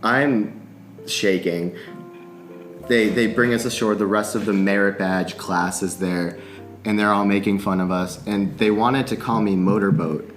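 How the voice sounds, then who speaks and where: A man's voice: fairly low pitch, fairly even intonation, unhurried, faint music behind. A man telling a long story in a casual podcast chat, swearing freely and laughing often. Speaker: podcast guest, musician.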